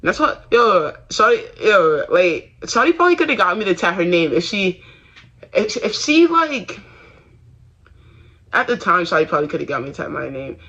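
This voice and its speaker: A young man tells his story in a loose, slang-heavy, rambling way, stopping and restarting his sentences. His voice sits a little high and sounds sharp and bright. The sound is dull and lo-fi. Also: sing-song, normal speed. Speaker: vlogger. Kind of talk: casual confessional talk.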